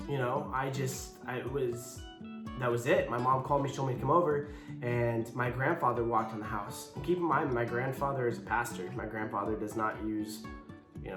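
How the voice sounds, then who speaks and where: Young man, casual storytelling vlog, blunt and candid, echoey room, faint guitar music. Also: mid-range voice. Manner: candid, blunt, with swearing and quoted dialogue. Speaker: YouTuber telling his story.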